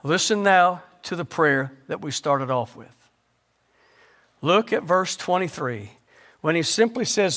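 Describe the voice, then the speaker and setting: A male pastor preaching a sermon, asking the congregation questions and sinking to a low hush to stress a point. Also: lively intonation, measured pace. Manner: rhetorical questions, sudden drops to a low hush for emphasis.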